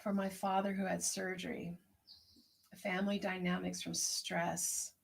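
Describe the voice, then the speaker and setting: A woman herbalist hosting an online tea circle, speaking in a gentle, unhurried, prayerful way as she reflects and reads out messages. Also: on the low side, level tone, creaky, slight background noise. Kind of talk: reflective spoken meditation and chat reading.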